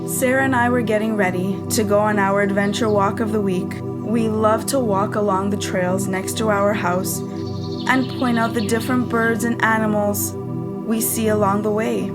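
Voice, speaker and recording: A woman reading a scripted horror story in a calm, measured storytelling manner. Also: mid-range voice. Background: loud music.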